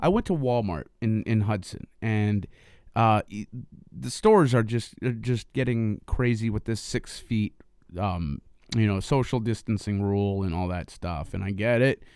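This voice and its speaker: A man's voice: fairly low pitch, lively intonation, measured pace, a little mellow, clean tone, no room sound, studio quality. A man co-hosting a casual podcast, joking, laughing often and swearing freely. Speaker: podcast co-host.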